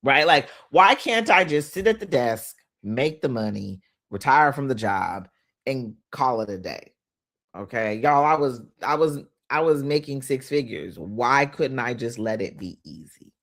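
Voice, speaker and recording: With a bass voice and a slightly slow pace, a female business coach talks casually during a motivational live stream. She's animated, addressing viewers directly and reading their comments, swinging from quiet asides to loud, emphatic bursts.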